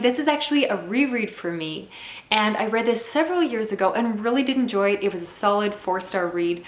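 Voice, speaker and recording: Young woman book vlogger, animated and opinionated, recorded in a roomy space. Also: medium pitch. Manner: animated, exasperated ranting. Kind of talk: casual reading vlog.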